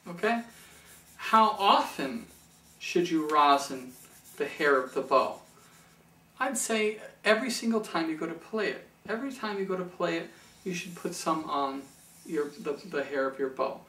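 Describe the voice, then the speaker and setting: A man's voice: on the high side, lively intonation, normal speed, sharp tone. A man teaching a beginner violin lesson on video, patient and repeating key phrases for beginners. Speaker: music teacher. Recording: echoey room from far off.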